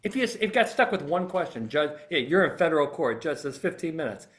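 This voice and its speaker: A middle-aged man with a fairly high voice tells a personal story in podcast talk. He speaks in an animated way and turns often to imagined jurors as he makes his point. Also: fairly quick. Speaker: trial consultant. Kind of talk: podcast talk acting out a voir dire example.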